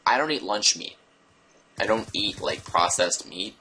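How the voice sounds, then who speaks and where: Young male vlogger, lowish bright voice, rambling storyteller. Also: unhurried, a little hiss or hum. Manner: rambling, digressive, animated delivery. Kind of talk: casual storytelling to camera.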